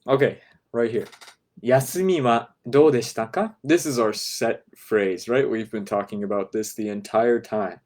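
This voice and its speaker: A man teaching a class, patiently breaking phrases down step by step and checking in with "right?", sometimes dropping to a soft, quiet voice. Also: mid-range voice, normal speed. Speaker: language teacher. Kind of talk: explaining a lesson to a class.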